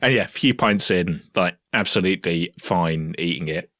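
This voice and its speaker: A man with a very deep voice chats casually and laughs lightly through his stories. The recording is dry and close. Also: normal speed, fairly bright tone, no room sound. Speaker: podcast host. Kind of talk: casual chat.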